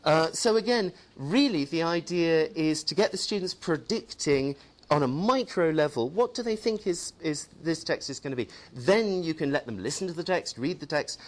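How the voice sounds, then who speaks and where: A man's voice: fairly high pitch, animated, moderate pace. Chatty man leading a teacher workshop. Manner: chatty, tag questions. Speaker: teacher trainer. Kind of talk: workshop presentation.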